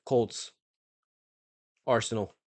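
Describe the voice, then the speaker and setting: With no room sound, a young man drags out his words as he streams a football quiz. He talks under his breath and lets out curses when he's stuck.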